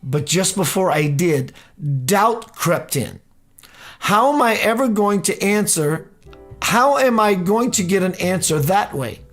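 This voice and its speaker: Slow-spoken man reading a story aloud. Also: high-pitched, lively intonation, a bit bright, soft background music. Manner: unhurried, often breaking into laughter. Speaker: radio show host.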